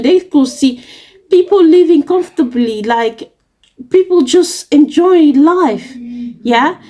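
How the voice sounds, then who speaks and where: A young woman from Africa vents to her viewers in a high, bright voice. She speaks with passion and emphasis, and she sounds indignant as she tells her story straight to camera. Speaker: vlogger. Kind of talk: casual storytelling rant to camera.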